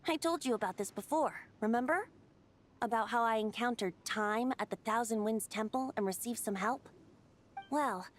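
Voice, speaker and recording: A woman voicing a playful young male bard who is a wind god, speaking as a lilting, teasing storyteller in a video game. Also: a little high. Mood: explaining.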